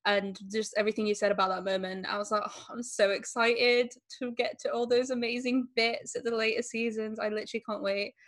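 A woman talking casually about a film, excited and chatty. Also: fairly high pitch, brisk, hardly any pauses. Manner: excited, laughing often, chatty.

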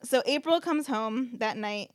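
A woman with a slightly high voice tells a film plot in a loose, chatty way, leaning on "like" and dropping swear words. Her voice is recorded dry and close, with no room sound around it. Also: unhurried, no room sound. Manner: chatty storytelling, filler "like", swears freely. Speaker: podcast host. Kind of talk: casual movie recap.

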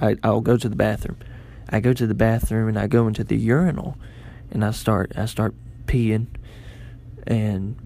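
A man's voice: fairly low pitch, gravelly, mellow. A young man telling a personal story in a casual, self-mocking way, rambling with frequent restarts.

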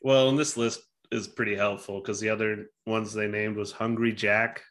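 Podcast co-host, man in his thirties, bright crisp tone, offhand and joking, curses casually. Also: on the low side, flat delivery, moderate pace. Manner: joking, offhand, swears freely. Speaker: podcast co-host running a trivia game. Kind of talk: casual chat.

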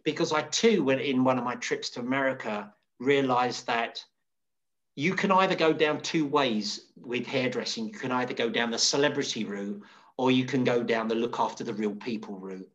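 A man's voice: moderate pace, muffled recording. Guy in his middle years, a hairdresser, chatting away with lots of ums, does little voices for people in his stories. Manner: animated, acts out quoted voices with sudden high pitch; rambling, many restarts and fillers. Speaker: hairdresser, interview guest. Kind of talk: casual storytelling.

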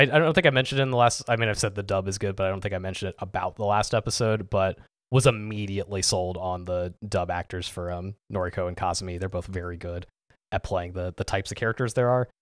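A deep-voiced man talks fast in a clean studio recording with no echo. As a podcast co-host chatting casually, he rambles and keeps dropping "like" and "um."

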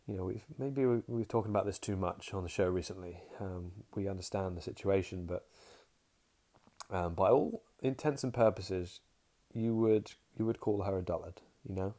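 Speaking briskly in a low, mellow voice, a young podcast host from England delivers a casual monologue. He talks frankly and meanders, letting sentences trail off before restarting them.

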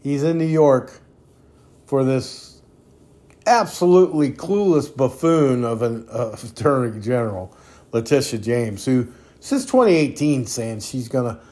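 A man's voice: medium pitch, lively intonation, measured pace, darkish tone. Podcast host, male, blunt profane ranter, circles back on his own points. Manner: blunt, heavy swearing, repeats himself. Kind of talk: profane political rant.

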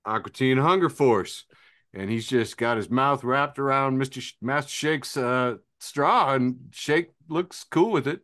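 A man's voice: medium pitch, unhurried, a bit bright. A man hosting a casual comedy podcast in a playful, showman-like way. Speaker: podcast host. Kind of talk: casual chat. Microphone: video call.

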